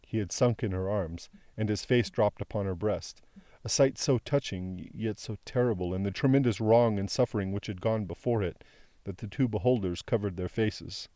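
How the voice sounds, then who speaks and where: A man narrating a classic novel as an audiobook reader, in a measured, solemn way. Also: on the low side, warm tone, no room sound.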